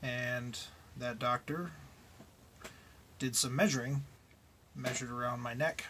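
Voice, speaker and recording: A man's voice: medium pitch, fairly even intonation, takes it slowly, a bit bright, a little hiss or hum. A middle-aged man who drives trucks, talking casually and bluntly in a vlog and grumbling about his frustrations.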